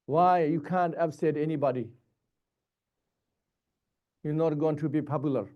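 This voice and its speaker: Buddhist teacher guy talking really slow, choppy repeated phrases, kinda dull lo-fi sound. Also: a little high. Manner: halting, repetitive phrasing with short broken sentences. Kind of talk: dharma teaching.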